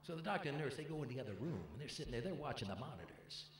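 A man doing a Jack Lemmon impression, playing an excitable, chummy older joke-teller telling a story on stage in a live show. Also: medium pitch, rapid-fire, a little hiss or hum, close to an everyday voice. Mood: chummy storytelling. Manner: fussy, sputtering, loud bursts. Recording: echoey live club, mic at a distance.

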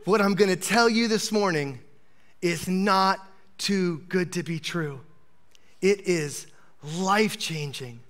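A man's voice: high-pitched, takes it slowly, a bit bright. A man who is an associate pastor, preaching a sermon in a chatty, joking way to a live congregation.

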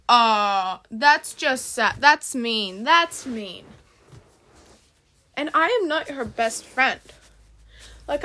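High bright excitable woman reacting. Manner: excitable, chatty, bursts into shrieks. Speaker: channel host. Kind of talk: reacting to a game video.

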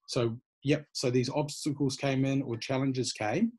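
A man's voice: medium pitch, fairly even intonation, a little fast, hardly any pauses, darkish tone, husky. A man, a personal trainer from New Zealand, giving easygoing, encouraging answers in an interview. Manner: encouraging, easygoing, many fillers.

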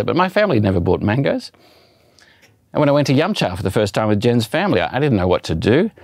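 A man's voice: mid-range voice, no room sound, studio quality. A man preaching a sermon in a chatty, self-deprecating storytelling way. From Australia.

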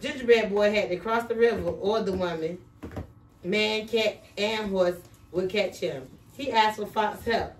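A woman's voice: mid-range voice, a little slow, slight background noise. A woman reading a picture book aloud to her children in a playful way, stopping to quiz them. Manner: playful, stops to quiz the kids. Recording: echoey room, distant mic.

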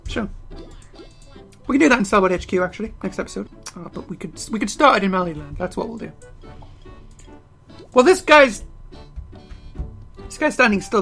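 A woman giving excitable gameplay commentary as a let's player, full of sudden exclamations. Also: mid-range voice, gravelly. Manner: excitable, frequent startled exclamations.

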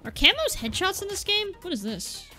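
A young woman giving excitable live gameplay commentary from a room at home, exclaiming and repeating words in bursts. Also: extremely high pitch, moderate pace, faint music behind. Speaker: gaming YouTuber.

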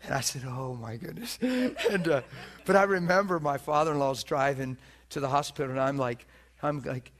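A middle-aged man preaching, telling a personal story with animated delivery, acting out voices and laughing often. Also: fairly high pitch, moderate pace. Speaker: preacher teaching on healing. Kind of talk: sermon storytelling. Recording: live teaching session, room mic.

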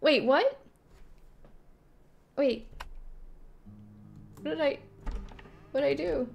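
A woman's voice: high voice, very slow, gravelly, muffled recording, faint music behind. A woman streaming a horror game, reacting with sudden jumps and reading the on-screen text aloud to herself. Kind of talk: live gameplay commentary.

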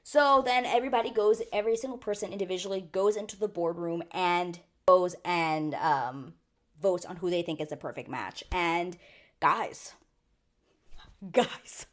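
A woman recapping a reality show in casual chat, animated and laughing, slipping into quick voices when quoting people. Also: on the low side. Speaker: TV recap host.

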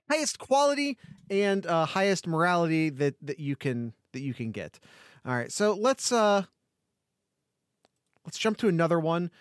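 A man with a fairly high voice co-hosts a casual sports podcast and drifts through an ad read with jokes and restarts. The sound is dry and close, with no room around it. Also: clear, resonant tone, no room sound. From Ohio. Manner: jokey, rambling ad read with restarts. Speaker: podcast co-host.

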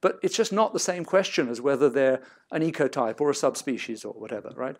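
A man's voice: medium pitch, expressive, fairly quick. A middle-aged man giving an academic seminar talk, discursive and hedged, often breaking off mid-sentence to restart. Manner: discursive, self-interrupting, hedged. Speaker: seminar lecturer.

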